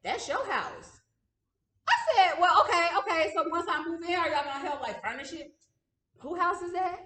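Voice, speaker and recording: A young woman co-hosting a casual podcast chat, animated, swearing freely and laughing as she tells stories. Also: very high voice, moderate pace, distant mic, a little hiss or hum. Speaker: podcast co-host. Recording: roomy, from off mic.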